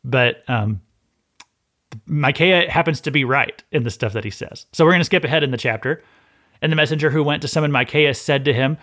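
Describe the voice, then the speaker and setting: Animated man teaching scripture on a podcast. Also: on the high side, brisk. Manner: animated storytelling, acts out scenes, repeats words when he starts a phrase. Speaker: podcast host and Bible teacher. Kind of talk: conversational Bible teaching podcast.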